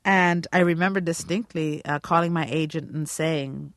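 A woman's voice: low voice, normal speed, hardly any pauses, no room sound, clean studio sound. A woman, an actress, telling stories in an interview and acting out the people she quotes. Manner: animated storyteller, acts out quotes. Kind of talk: radio interview.

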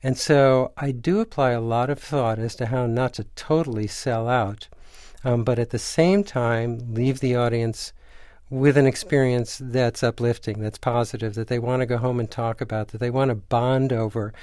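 A man's voice: medium pitch, normal speed, dry recording, clean studio sound. An older man, a screenwriter, telling a story in a radio interview and acting out the voices of the people in it. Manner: animated anecdote teller, acts out quoted voices. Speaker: screenwriter guest.

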